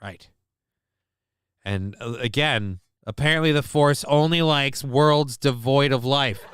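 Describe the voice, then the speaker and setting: A man runs a casual live stream, talking with a bright, sharp-edged voice that comes through crisp and smooth. He rambles and swears freely and makes fun of himself. The sound is dry and close on the mic, with no room echo. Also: mid-range voice, takes it slowly. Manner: rambling, sweary, self-mocking. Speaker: streamer host.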